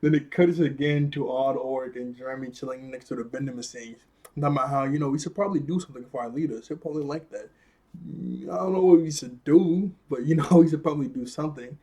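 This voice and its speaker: A man's voice: mid-range voice, fast talker, a little mellow. A man casually reviewing a cartoon episode, rambling and chuckling through a loose retelling full of fillers.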